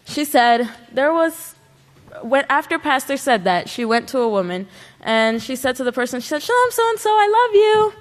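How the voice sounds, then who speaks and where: At a religious service in a large worship hall, a woman gives an earnest sermon, pressing her points with rhetorical questions. Her voice is a little high and her pace moderate, and the recording carries long hall reverb.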